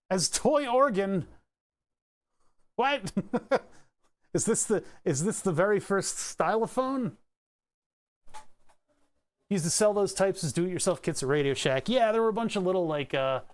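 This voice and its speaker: A man streaming live and chatting casually, reading excerpts aloud and musing over them, with the odd swear. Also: on the high side. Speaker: livestreamer.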